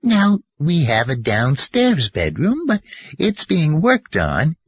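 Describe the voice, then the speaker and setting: A man's voice: on the high side, huge pitch swings, slow pace, breathy edge, no room sound, dull audio, pitched above the performer's own voice, exaggerated voice. A man voicing a kindly old grandmotherly landlady with a chatty, homey manner.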